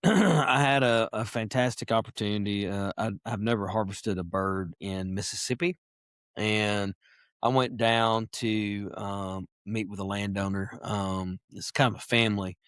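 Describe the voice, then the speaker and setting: A man telling a hunting story as a podcast guest, animated and lively, acting out voices and clearing his throat often. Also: lowish voice, dry recording, studio quality. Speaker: podcast guest, wildlife biologist. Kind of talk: casual storytelling.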